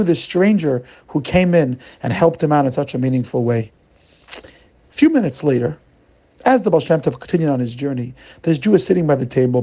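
A man telling a story as a lesson, dramatic and animated, with sudden rises and drops. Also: a little high, gravelly, breathy edge, muffled recording.

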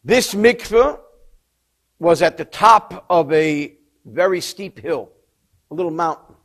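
A man with a high voice leads a study lesson on a religious text. He tells his story with expression and explains each Hebrew term in English as he goes. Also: expressive, slow, a bit bright. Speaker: Torah teacher.

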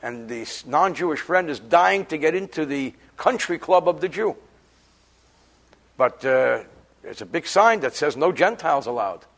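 Rabbi giving a lively daily law lesson, jokes often, very animated pitch, gravelly edge. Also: male voice, measured pace. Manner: joking, chatty, mixing Hebrew terms into explanations. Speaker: rabbi teaching Jewish law.

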